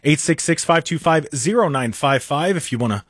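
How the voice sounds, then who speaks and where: A young American man hosts his radio talk show. He rambles along with sarcastic, mocking jabs, his voice a touch high. The studio sound is close and dry. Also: animated, normal speed, husky, no room sound. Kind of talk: casual opinionated talk radio monologue. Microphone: studio microphone.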